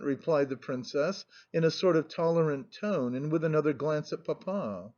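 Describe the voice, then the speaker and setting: A man narrating a classic novel in a measured, even reading. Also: fairly high pitch. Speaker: audiobook narrator. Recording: muffled lo-fi recording.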